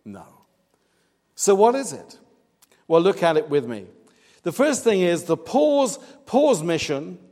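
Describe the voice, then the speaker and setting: A man delivers a sermon, earnest and emphatic. His voice sits a little high for a man. A long reverb from the church hall trails after each phrase. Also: very animated, takes it slowly, pauses often. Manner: earnest, emphatic, rising to loud stress on key points. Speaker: preacher.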